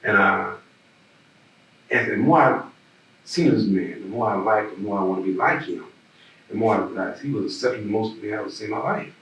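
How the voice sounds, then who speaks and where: Southern man, very low voice, rambling storyteller, echoey room with a distant mic. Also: fairly quick, long pauses, fairly bright tone, a little hiss or hum. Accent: Southern American. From Birmingham, Alabama. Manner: rambling, repeats words, laughs while telling stories. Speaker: oral history interviewee. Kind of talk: casual storytelling.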